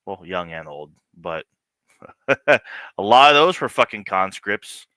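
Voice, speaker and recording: A man's voice: sits low, big pitch swings, takes it slowly, sharp tone, no echo. A man streaming live, reacting to a news clip with profane, sarcastic commentary and laughing asides. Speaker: livestream political commentator.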